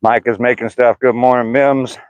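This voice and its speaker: An older man with a medium-pitched, slightly slow voice chats casually with live chat viewers by name during an outdoor walk and mentions his sore hip. He's a vlogger reading the live chat, and the recording is dry and muffled.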